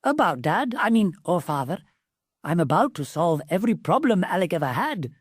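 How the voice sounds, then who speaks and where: A woman's voice: on the low side, sing-song, normal speed, husky, no echo, clean studio sound. A woman voicing a brash, boastful young male genie in a storybook. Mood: cocky. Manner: brash, boastful, casual slang.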